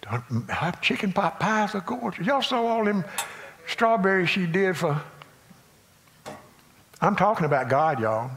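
A man with a Southern US accent delivers a sermon from the pulpit. His voice sits a little high for a man, and he swings from loud, emphatic lines to soft, chatty asides in a folksy way. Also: big pitch swings, a little slow, pauses often, slight background noise. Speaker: pastor.

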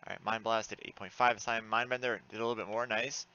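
A man commentates live as he plays an online game, talking fast in a fairly low voice with the highs cut off. He gets frustrated and excitable, swearing often and breaking into sudden loud outbursts.

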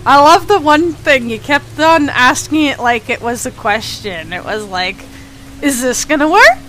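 A woman with a high-pitched voice speaks a little slowly while live-streaming a game, chatting animatedly with viewers and yelping panicked, repeated no's. The recording is rough, with steady rain noise behind her.

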